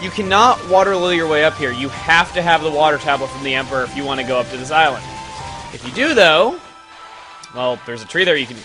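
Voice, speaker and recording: A man giving casual, joking commentary over his gameplay, breaking into loud excited exclamations. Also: fairly high pitch, fast talker. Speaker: let's play commentator. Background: game music.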